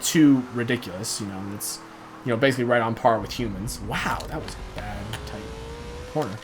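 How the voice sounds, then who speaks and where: A man's voice: medium pitch, a bit bright, a little hiss or hum. A young man giving rambling, casual commentary over a racing game he hosts, often laughing between thoughts. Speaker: gaming channel host.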